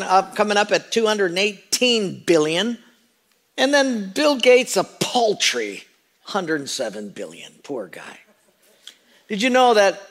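A man preaching a Christmas sermon as pastor, joking with his congregation in a conversational way. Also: high voice. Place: church sanctuary.

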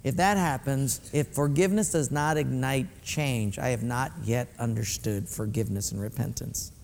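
A man's voice: medium pitch, moderate pace, vocal fry, darkish tone, a little hiss or hum. A male pastor preaching a sermon in a conversational way, speaking directly to his congregation in a church sanctuary. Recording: echoey hall.

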